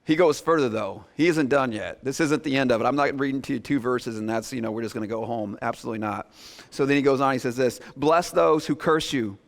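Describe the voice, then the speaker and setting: A man preaching a sermon as pastor, animated, acting out his listeners' reactions in quick asides. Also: mid-range voice, vocal fry.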